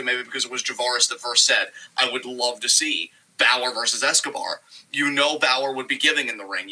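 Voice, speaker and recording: Bright-voiced man in casual wrestling chat. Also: mid-range voice, rough recording. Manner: rambling, animated, frequent swearing. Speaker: podcast co-host.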